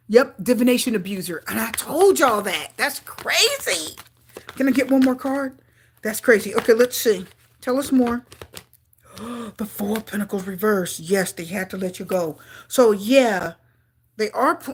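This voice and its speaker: A woman giving a live tarot reading to her viewers, talking in an excitable way with frequent exclamations. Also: on the high side, slight background noise. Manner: excitable, gasping and exclaiming at cards. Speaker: tarot reader.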